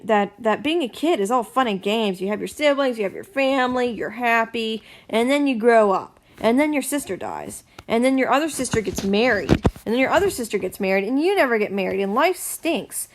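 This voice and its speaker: A woman hosting her own channel, giving a casual solo film review in a blunt, opinionated way, with frequent ums and quick self-corrections. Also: a little high.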